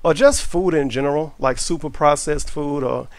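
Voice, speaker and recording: A man's voice: on the high side, normal speed, dry recording. A man, chatting offhand and with profanity as he cooks in his home kitchen for a vlog. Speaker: cooking vlogger. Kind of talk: casual cooking vlog. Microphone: camera mic while cooking.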